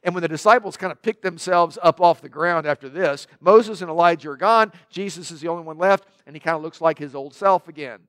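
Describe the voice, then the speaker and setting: A man's voice: fairly high pitch, a little fast, few pauses, fairly bright tone, dry recording. A man preaching a sermon in a conversational way, with joking asides to the congregation. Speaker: pastor.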